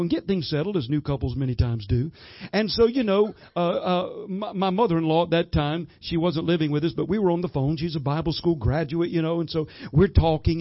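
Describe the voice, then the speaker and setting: Excitable guy preaching, high voice that swoops all over, laughs a lot, dull lo-fi dry recording. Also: no echo. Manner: exuberant, laughs often, preacherly. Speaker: guest minister. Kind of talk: Pentecostal-style sermon leading holy laughter.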